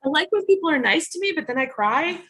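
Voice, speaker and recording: A woman's voice: high-pitched, lively intonation, fast, background noise. A woman in her thirties from New Jersey with a Jersey accent, an author telling an audience about her life in a joking, self-deprecating way. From New Jersey, USA. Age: 30s. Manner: jokey, self-deprecating, laughs often. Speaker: author speaking at a bookstore event. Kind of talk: casual, self-mocking talk to an audience.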